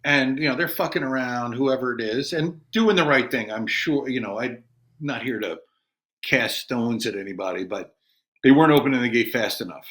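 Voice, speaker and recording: A man's voice: mid-range voice, moderate pace, fairly bright tone. A middle-aged man, a former Army Ranger, telling a war story in an interview, rambling with many restarts and swearing. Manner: profane, intense retelling.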